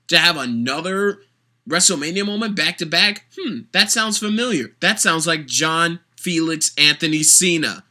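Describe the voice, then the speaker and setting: A sarcastic wrestling vlogger in full rant mode, with a bright, sharp tone and a voice that swings all over its range. The delivery is mocking and opinionated, in an animated, talky style. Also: mid-range voice. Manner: sarcastic, animated, mocks fans with put-on voices. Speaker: wrestling commentator.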